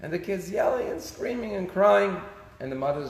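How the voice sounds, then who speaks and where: A rabbi giving a casual daily sermon, telling stories and using Hebrew phrases. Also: male voice, high voice, expressive, normal speed. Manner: conversational storytelling, Hebrew phrases. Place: synagogue sanctuary. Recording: echoey synagogue hall.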